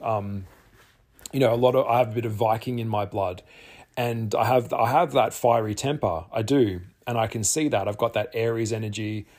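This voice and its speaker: Low-voiced earnest Australian man. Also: a little mellow. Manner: earnest, rambling, repeats phrases for emphasis. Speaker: tarot artist and vlogger. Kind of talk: candid monologue to camera.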